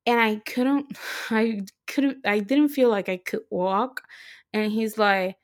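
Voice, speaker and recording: A young woman co-hosting a podcast, telling a story in a casual, excitable way, full of fillers and restarts. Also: medium pitch, slow pace. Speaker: podcast co-host. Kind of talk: casual chat.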